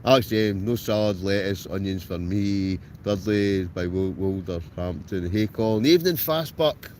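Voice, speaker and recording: The Ayrshire-accented Scottish man streaming live from his tent on a stormy night chats casually, reading comments and greeting viewers by name. His voice sits low and a little mellow, steady in tone and measured in pace, with a slight hiss or hum on the recording.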